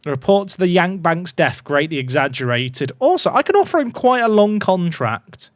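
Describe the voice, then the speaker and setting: In a laid-back commentary on his football management game, a YouTuber keeps up chatty banter and playful remarks to viewers. He speaks at a moderate pace in a high, sing-song voice, in a dry recording.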